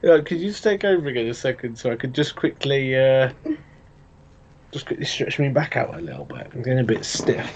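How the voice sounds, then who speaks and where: A man's voice: mid-range voice, fairly quick, vocal fry. A man hosting a live sports watch-along, chatting and laughing with his co-hosts while sitting on a bed at home. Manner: chatty, laughing, leads the banter. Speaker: host. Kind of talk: casual chat during a live watch-along. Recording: muffled lo-fi audio.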